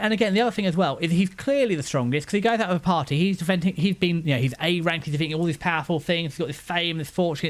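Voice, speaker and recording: Exasperated man ranting an anime review. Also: a little high. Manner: exasperated ranting, many restarts. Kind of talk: casual spoken review.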